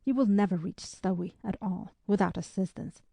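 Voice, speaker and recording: Gentlemanly army captain, polite and a touch masterful; gravelly, dry read; woman narrator voicing him. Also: mid-range voice, normal speed, no echo. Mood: courteous. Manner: polite, soothing and a little masterful. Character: courteous English army captain, gentlemanly and solicitous.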